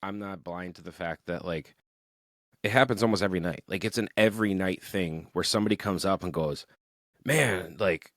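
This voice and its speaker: Deep-voiced man telling band stories. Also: moderate pace, no echo, studio quality. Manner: rambling, animated storytelling with frequent swearing. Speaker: musician guest. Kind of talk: casual podcast interview.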